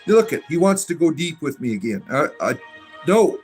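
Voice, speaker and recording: A Southern US man on a livestream, his voice sitting a little on the high side. He stumbles through uh's and restarts as he reads comments, then turns sarcastic and defiant. Soft music plays faintly underneath. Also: very animated, moderate pace. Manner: rambling, hesitant, with frequent uh and restarts. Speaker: livestream host reading chat. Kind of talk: casual livestream chat.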